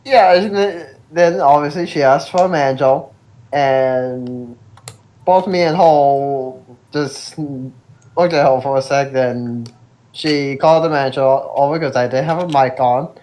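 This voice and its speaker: Slow, laid-back male co-host. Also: medium pitch, a little mellow. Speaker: podcast co-host. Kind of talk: casual chat.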